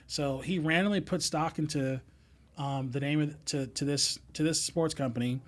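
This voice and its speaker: Rambling storytelling man, slightly high voice. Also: moderate pace. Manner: rambling, many fillers and restarts; laughs as he tells stories. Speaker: podcast guest, musician. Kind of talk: casual storytelling chat.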